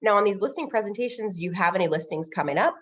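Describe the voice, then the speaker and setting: A loan officer, a woman with a medium-pitched voice, races through a casual interview on a muffled recording. She's full of energy, acting out the conversations she's had with clients.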